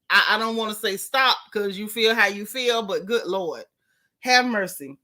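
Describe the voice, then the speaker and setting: Her mid-range voice moves at a moderate pace as she chats casually on a live stream. The woman, a show recap host, delivers blunt, sassy, animated gossip about a reality show and thanks her viewers.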